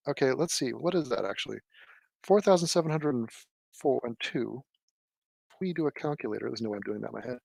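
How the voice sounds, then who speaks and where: Sarcastic man commenting at his desk. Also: dry recording. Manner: sarcastic, mocking, mimics people in a low mumble. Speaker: political commentator. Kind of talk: casual live commentary.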